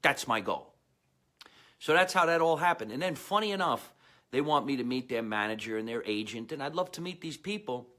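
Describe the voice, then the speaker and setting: A man's voice: mid-range voice, a little fast. A man hosting his own comedy show, telling rambling stories with a New Jersey accent and talking straight to his viewers. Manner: rambling, animated storyteller with asides to viewers. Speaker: comedian podcast host. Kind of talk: casual storytelling monologue.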